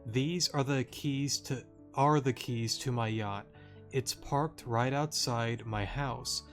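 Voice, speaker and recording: A man reading the lines of a kind, grieving mother from a video game in a slow, plain voice. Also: mid-range voice, faint music behind, natural voice. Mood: hopeful. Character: kind grieving mother, adult woman, gentle and earnest.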